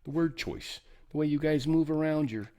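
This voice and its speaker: A man's voice: on the high side, moderate pace, warm tone. A man hosting a casual news commentary show, rambling and sarcastic, swearing now and then and slipping into mock voices. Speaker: host.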